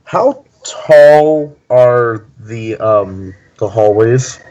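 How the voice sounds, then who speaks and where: A man's voice: mid-range voice, drawn-out words, a little mellow, highs cut off. A man playing in a tabletop game, speaking hesitantly. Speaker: player.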